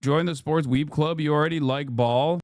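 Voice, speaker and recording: A man's voice: on the high side, steady tone, normal speed, no room sound, clean studio sound. A man hosting a casual reaction stream, talking in a sarcastic, joking way. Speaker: streamer host.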